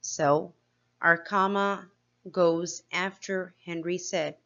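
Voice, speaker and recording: A woman teacher giving a slow, clear grammar lesson to young pupils, asking them questions as she explains each step. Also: on the low side, steady tone, sharp tone, lo-fi sound. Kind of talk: grade-school grammar lesson.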